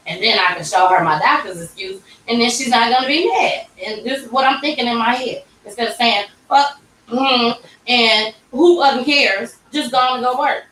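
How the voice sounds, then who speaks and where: A woman's voice: fairly high pitch, moderate pace, fairly bright tone, a little hiss or hum. A young woman, hosting a podcast and telling a personal story with emotion, acting out the quoted voices. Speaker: podcast host. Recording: roomy echo, distant mic.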